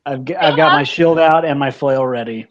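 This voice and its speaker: A man's voice: on the high side, normal speed, highs cut off, crowd noise. A man playing a tabletop game, eager and joking as he describes his character's moves. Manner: eager, playful, jokes and laughs while describing actions. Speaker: player.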